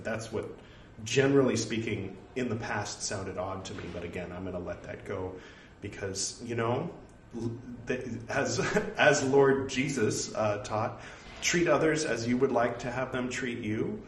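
A man with a Californian American accent speaks in a low voice and wanders from point to point with a joking, self-deprecating ease. He sounds a little off-mic in an echoey room, with faint hum behind him. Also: distant mic. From California, United States. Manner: rambling, self-deprecating, jokey. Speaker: host reading a religious text. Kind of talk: casual spoken aside.

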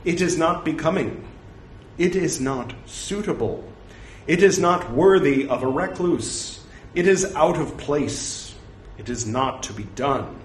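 A man reading the lines of a stern male teacher who rebukes a monk, in a slow scripture recital. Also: fairly high pitch, lively intonation. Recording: echoey room with faint hiss.

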